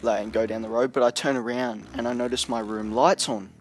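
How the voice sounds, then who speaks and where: A man's voice: mid-range voice, little pitch movement, brisk, soft background music. Rambling young guy. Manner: rambling, slangy, lots of "you know" and "like". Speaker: vlogger. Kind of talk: storytime vlog, casual.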